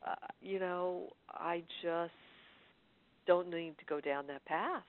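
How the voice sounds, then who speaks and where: A woman's voice: fairly low pitch, steady tone, takes it slowly, a little hiss or hum. A woman telling a personal story in casual conversation, chatty and laughing often as she talks. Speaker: caller sharing in a study group. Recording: phone-line audio.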